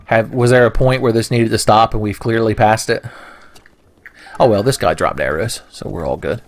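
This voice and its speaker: A gaming video host talks over his own gameplay in a lowish voice at normal speed, rambling and cracking crude jokes. He does mock voices for the enemies, and there's a little hiss or hum in the background.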